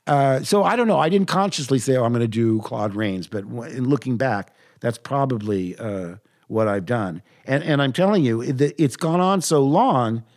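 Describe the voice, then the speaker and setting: An older man tells stories in an interview with a lively, swooping pitch. He quotes himself and others as he goes. His voice is at a medium pitch. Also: normal speed. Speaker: voice actor guest. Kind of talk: interview storytelling.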